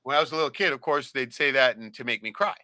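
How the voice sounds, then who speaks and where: A man's voice: mid-range voice, fast talker, sharp tone, dry recording. A man telling stories in casual chat, bluntly and with constant swearing. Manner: swears constantly, blunt storytelling with lots of "right?".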